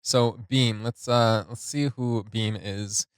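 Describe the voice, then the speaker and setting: A man hosting a music reaction video, reading lyrics and annotations aloud in a casual, halting way with many fillers. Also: fairly low pitch, steady tone, clear, resonant tone, dry recording.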